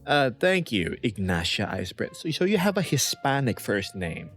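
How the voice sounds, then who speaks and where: Man, livestream chat, playful rambling, reads chat aloud, animated pitch, faint background music. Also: normal speed. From United States. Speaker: VRChat streamer.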